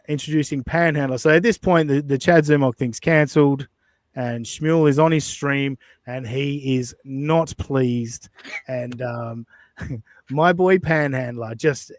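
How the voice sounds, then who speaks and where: A man hosting a casual commentary show, blunt and profane in his delivery. His voice sits a little high, and the sound is dry and close. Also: a little mellow, no room sound. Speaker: podcast host.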